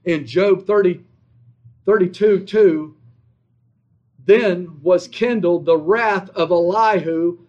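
High-voiced man preaching a sermon, lo-fi. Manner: swings from loud emphatic declarations to hushed, low phrases; earnest, reads and explains scripture verse by verse. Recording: dull lo-fi sermon recording.

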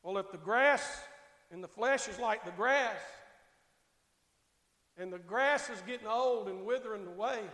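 A middle-aged male pastor preaching a sermon in a church, moving between quiet conversational asides and shouted, drawn-out lines, often calling out to ask if everyone is all right. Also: high voice. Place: church sanctuary. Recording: echoey church hall with long reverb.

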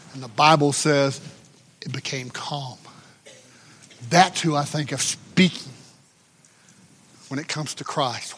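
A man preaching a sermon, swinging between shouted emphasis and hushed, drawn-out passages. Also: a little high.

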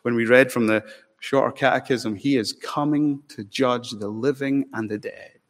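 Man, preacher, impassioned sermon, dramatic emphasis, middle pitch, long church reverb. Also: steady tone. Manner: dramatic, impassioned preaching with emphatic rises and slow solemn stretches. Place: church sanctuary.

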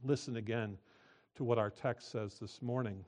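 A man preaching a sermon, swinging between emphatic, loud lines and quiet, drawn-out ones. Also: medium pitch, fairly even intonation. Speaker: pastor.

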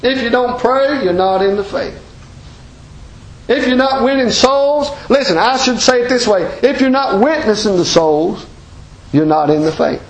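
A man's voice: very high-pitched, animated, moderate pace, low-quality recording. A man with a Southern American accent preaching a sermon as pastor, folksy and emphatic, full of rhetorical questions.

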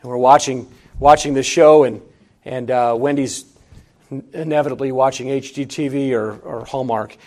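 A middle-aged male pastor preaching a sermon in a conversational way, repeating his phrases and swinging between emphatic rises and low, quiet asides. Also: fairly even intonation, moderate pace.

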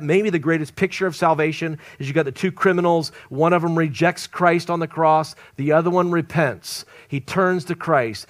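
A man preaching an evangelistic sermon at a church service, swinging between loud emphasis and hushed, near-whispered lines. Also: a little high.

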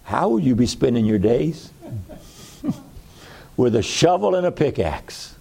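A man's voice: medium pitch, very animated, slow, creaky, dark tone, slightly rough. A man preaching a sermon in a folksy way, repeating phrases for emphasis.

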